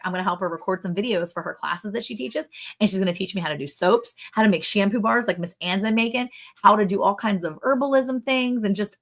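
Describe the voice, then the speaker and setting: A woman hosting a casual livestream chat, telling stories in a chatty, animated way and laughing often. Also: on the low side. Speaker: livestream host.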